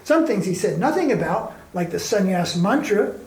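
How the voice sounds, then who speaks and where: A slightly mellow, high male voice with big pitch swings and a moderate pace comes through a roomy echo. He is a spiritual teacher in an interview, storytelling plainly and conversationally with a stream of emphatic rhetorical questions.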